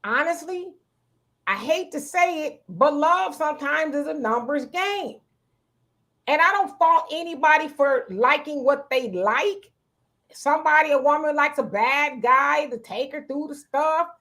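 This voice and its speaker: A high-pitched woman hosting a casual talk show, speaking. She is animated and talkative, laughs often and acts out the voices of the people she quotes. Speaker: show host. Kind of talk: casual commentary.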